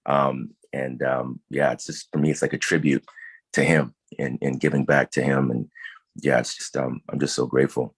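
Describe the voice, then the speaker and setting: Very deep-voiced actor talking warmly. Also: male voice, little pitch movement, moderate pace, slightly rough, no room sound. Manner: thoughtful, many fillers and restarts. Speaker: actor, interview guest. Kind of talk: casual interview answers.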